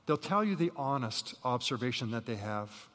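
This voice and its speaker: A man preaching a sermon as pastor, telling Bible stories with lively acted voices and saying he has jet lag. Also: mid-range voice, moderate pace. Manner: animated storytelling, acting out Bible figures with rising voice. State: jet-lagged. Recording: reverberant hall.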